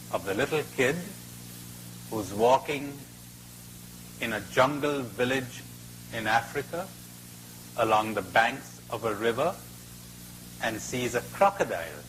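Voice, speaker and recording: Spiritual speaker telling a fable; expressive, dramatic pauses, mid pitch. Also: male voice, a little hiss or hum, rough recording. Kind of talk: storytelling spiritual talk.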